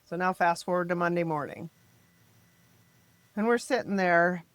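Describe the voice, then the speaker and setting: A middle-aged mother from the American Midwest telling her family's story in an interview, emphatic and frank, turning animated when she quotes others. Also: on the low side, normal speed, no echo. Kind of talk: personal storytelling in a podcast interview.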